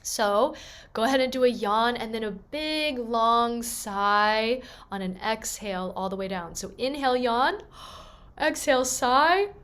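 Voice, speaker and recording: A woman voice teacher leading a gentle, encouraging vocal warm-up lesson and demonstrating the sounds herself. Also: fairly high pitch, measured pace, clear, resonant tone.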